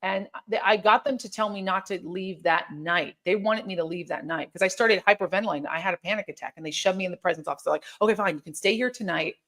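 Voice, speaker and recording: A woman's voice: on the low side, fast talker, few pauses, a bit bright. A woman guest in an interview, telling a personal story in a candid, emphatic way with many restarts and quoted dialogue.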